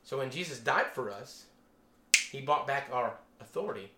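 A man preaching a casual sermon to a small group, animated and chatty, exclaiming as he tells stories. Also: medium pitch, normal speed, roomy sound, a crowd in the background.

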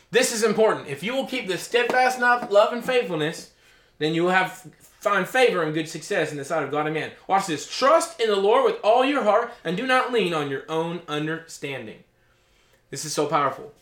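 His voice sitting high and a bit bright, a middle-aged pastor reads scripture aloud in an echoey room. He explains it in loose asides and frequently checks in with listeners using "okay?" and "you know?"

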